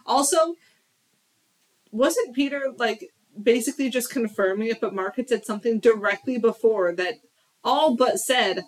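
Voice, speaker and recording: A woman in casual conversation about a film, animated and joking, laughing often. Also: mid-range voice, normal speed, low-quality recording. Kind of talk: casual chat about a movie.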